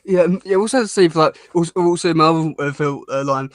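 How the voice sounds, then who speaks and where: A man co-hosting a casual episode review chat, talking in halting bursts with many restarts and fillers and laughing often. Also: on the high side, no room sound. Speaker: podcast co-host reviewing a cartoon episode.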